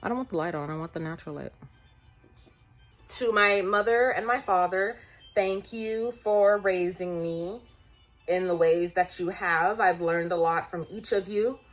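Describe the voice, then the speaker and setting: A woman in her late twenties with a slightly low voice, speaking to camera in a personal vlog. She talks in a loose, rambling way, restarting her sentences often and breaking into laughs. Now and then her voice wavers close to tears. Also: unhurried, faint music behind. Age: late 20s. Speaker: vlogger.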